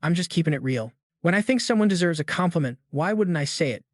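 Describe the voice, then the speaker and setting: A man voicing a calm, blunt young man who gives compliments in a matter-of-fact way. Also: on the high side, fast, no room sound, studio quality, lightly acted.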